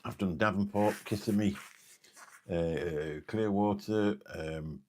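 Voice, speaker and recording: A man's voice: fairly low pitch, slow pace, a little mellow, slight background noise. A man from Lincolnshire, chatting casually and jokily on a late-night live stream, rambling between viewers' comments. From Lincolnshire, England. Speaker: live streamer reading chat.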